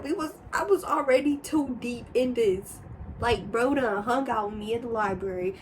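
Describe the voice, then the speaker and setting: A young woman telling a casual storytime, rambling and animated, with sudden high exclamations. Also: normal speed, a little hiss or hum. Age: young adult. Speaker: storyteller vlogger.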